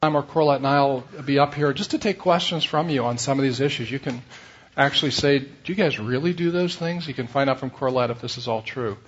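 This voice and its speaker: A man's voice: medium pitch, brisk, breathy edge, muffled recording. A man leading a seminar, giving the room instructions for a discussion and a break. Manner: instructive, guiding the room through activities. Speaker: seminar leader.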